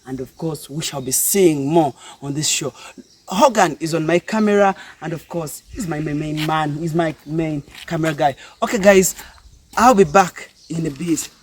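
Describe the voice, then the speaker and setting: A man's voice: a little high, moderate pace, slight background noise. A man from Uganda with a Ugandan accent hosting a travel vlog, exclamatory and repeating his phrases over and over. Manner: exclamatory, repeats phrases, mixes English and Luganda. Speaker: vlog host.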